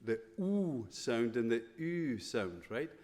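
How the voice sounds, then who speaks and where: A man's voice: medium pitch, big pitch swings, slow, darkish tone, long reverb tail. A Scottish man giving a playful, conversational chapel talk to students, full of rhetorical questions. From Scotland. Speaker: school chapel speaker. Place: school chapel.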